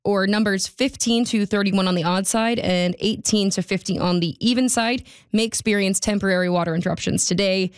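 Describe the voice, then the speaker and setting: A woman's voice: medium pitch, a little fast, hardly any pauses, smooth, dry recording. A woman giving a radio road and traffic report in a studio, chatty with wry, sarcastic asides. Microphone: studio microphone.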